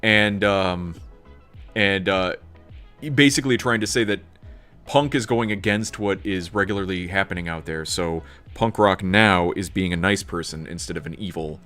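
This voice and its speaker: A man's voice: low-pitched, normal speed, soft background music. A man streaming live, chatting casually and ranting, laughing often and filling in with "like" and "um". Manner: animated, ranting, laughs often, lots of fillers. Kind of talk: casual livestream chat.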